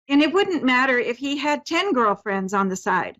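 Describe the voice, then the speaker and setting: A woman's voice: sits high, sing-song, normal speed, fairly bright tone, poor audio. A woman hosting a call-in psychic reading, talking in a soothing, reassuring way with many fillers and restarts. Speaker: psychic medium host.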